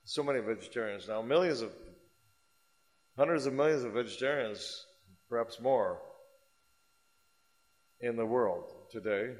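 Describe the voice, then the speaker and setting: A man's voice: medium pitch, a little slow, long pauses. Guy giving a religious class, rambling stories, mid voice, echoey hall. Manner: animated storytelling, rambling. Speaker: religious teacher. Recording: reverberant hall.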